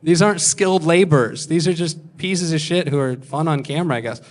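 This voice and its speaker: With a slightly high voice and a fairly quick delivery, a stand-up comedian in his thirties tells raunchy, self-deprecating stories. He takes on other people's voices within them.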